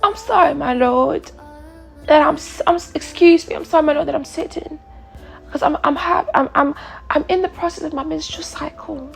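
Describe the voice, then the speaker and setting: Woman doing a high British-accented ancient lady, apologetic, stammering, breathy, gravelly edges. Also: moderate pace, faint music behind. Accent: put-on British. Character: apologetic biblical-era woman addressing her lord.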